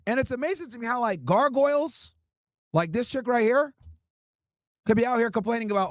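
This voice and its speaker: A man's voice: very high voice, animated, fairly quick, no echo, clean studio sound. A man hosting a livestream, giving crude, mocking reaction commentary and laughing often. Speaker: livestream host.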